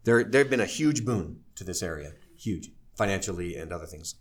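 A low-pitched middle-aged man tells his life story to a live crowd at a normal pace. Candid and self-deprecating with a wry edge, he becomes animated when quoting other people.

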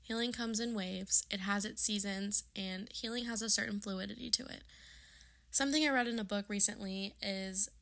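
A woman's voice: mid-range voice, fairly even intonation, moderate pace, creaky, fairly bright tone. A woman in her early twenties hosting her own podcast, talking in an earnest, chatty way with plenty of fillers. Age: 20s. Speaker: podcast host. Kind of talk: casual podcast monologue.

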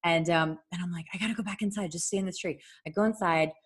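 A woman telling a long story in casual chat, animated, swearing freely and laughing often. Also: on the low side, quick pace, slightly rough.

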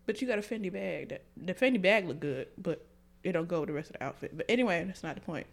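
Animated, swearing woman podcast co-host. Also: lowish voice, quick pace, creaky. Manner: animated storytelling, swears freely. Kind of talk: casual chat.

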